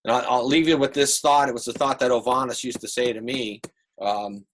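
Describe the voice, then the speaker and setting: A man teaching an online art class over a video call, relaxed and rambling with many fillers. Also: mid-range voice, brisk, a little hiss or hum. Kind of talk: online class lecture and critique.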